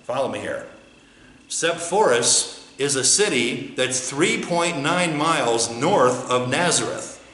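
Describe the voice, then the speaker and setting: A man's voice: medium pitch, animated, slow pace, fairly bright tone, slight background noise. Man preaching in a roomy church. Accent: American. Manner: questioning, asks the congregation and answers himself. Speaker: pastor. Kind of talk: conversational teaching sermon. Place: church sanctuary. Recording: roomy church with faint ambience.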